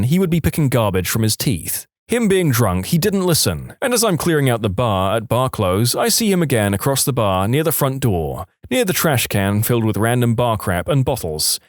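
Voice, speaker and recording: Man, host narrator of reader stories, animated pitch, dry close sound. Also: no room sound. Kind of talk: scripted narration.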